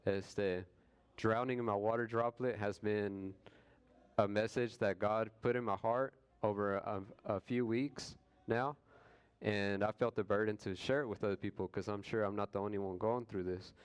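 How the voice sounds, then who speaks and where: Smooth low-voiced man teaching scripture. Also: fairly even intonation, normal speed. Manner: conversational, retells scripture in slangy everyday words; acts out quoted voices with jokes. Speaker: Bible study teacher. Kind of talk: casual Bible study talk.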